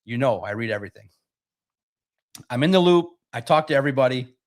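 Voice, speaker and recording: A young adult man hosting a live sports podcast, talking in an animated, rapid-fire way and restarting his sentences often. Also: mid-range voice. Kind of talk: live-stream sports commentary.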